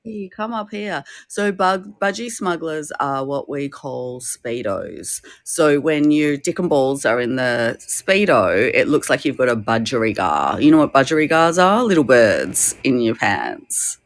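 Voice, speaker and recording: Australian comic guest, teasing, lively up-and-down voice. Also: medium pitch, unhurried, few pauses, no echo, studio quality. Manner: teasing, playful, explains slang. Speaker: comedian guest. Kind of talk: casual comedy chat.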